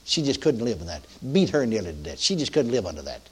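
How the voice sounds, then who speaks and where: A man's voice: fairly low pitch, big pitch swings, fast, breathy edge. An older man preaching a sermon, telling a story in a folksy way, with many restarts and emphatic peaks.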